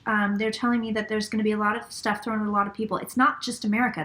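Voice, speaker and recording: A woman's voice: mid-range voice, steady tone, a little fast, pauses often, pushed and bright. A middle-aged woman giving a channeled psychic reading, relaying messages in repeated phrases and sometimes dropping to a whisper. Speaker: psychic reader.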